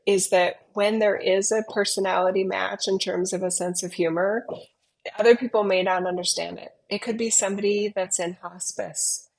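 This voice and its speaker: A middle-aged woman in casual podcast conversation, playful and quick to laugh. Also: mid-range voice, steady tone, gravelly, rough recording. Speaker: podcast guest. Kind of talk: casual chat.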